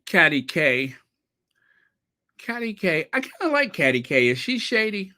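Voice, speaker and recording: A man hosting a casual commentary channel, animated and opinionated, reacting to viewer comments. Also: high-pitched, measured pace. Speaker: channel host.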